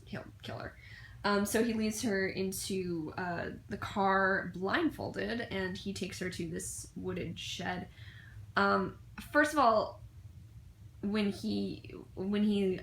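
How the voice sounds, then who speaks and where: A woman's voice: fairly low pitch, gravelly, a bit bright, echoey room, a little hiss or hum. A woman giving a casual, gushing fan review, full of fillers and restarts, often breaking into laughter.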